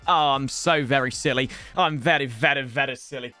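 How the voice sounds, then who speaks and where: A young man commentating live on his football video game, excitable and jokey, often shouting at the play. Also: medium pitch, a little fast, hardly any pauses, soft background music. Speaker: gaming streamer.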